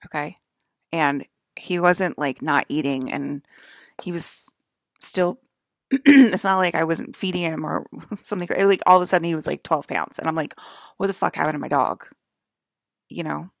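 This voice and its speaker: A woman's voice: deep voice, normal speed, gravelly, no room sound, studio quality. A woman talking to her viewers in a long rambling monologue, packing her speech with "like" and laughing often, seated at a table indoors. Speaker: vlogger.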